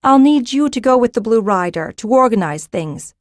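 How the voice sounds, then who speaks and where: A woman's voice: on the high side, animated, normal speed, a little mellow, dry recording, clean studio sound, voice pushed up, lightly acted. Stern, commanding young noblewoman in an audiobook, raised and firm, read by a woman. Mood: brisk. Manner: stern, authoritative. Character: commanding young noblewoman taking charge of a hold.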